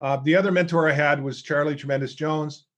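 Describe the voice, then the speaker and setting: Middle-aged guy, kinda high voice, tells stories and does the voices of people he quotes. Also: a little fast, muffled recording. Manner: animated storyteller acting out quoted voices. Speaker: guest, author and speaker. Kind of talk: storytelling interview chat.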